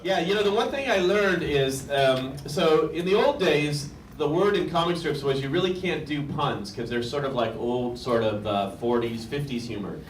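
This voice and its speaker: A man's voice: a little high, normal speed, few pauses, echoey room, recorded from a distance, slight background noise. A man, a guest author and cartoonist, chatting on stage and reading his own comic strips aloud, chuckling at his puns. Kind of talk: casual onstage talk and strip reading. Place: bookstore event room.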